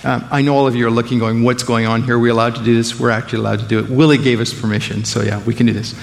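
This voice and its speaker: Gravelly preacher in an echoing church. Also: male voice, mid-range voice, level tone, racing. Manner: dramatic shifts between loud emphasis and hushed quotes. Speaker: guest preacher. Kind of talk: sermon and prayer. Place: church sanctuary.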